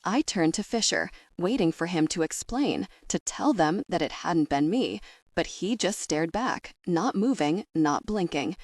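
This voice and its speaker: A woman narrating a first-person audiobook in a measured, expressive way. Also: on the low side, no room sound, clean studio sound.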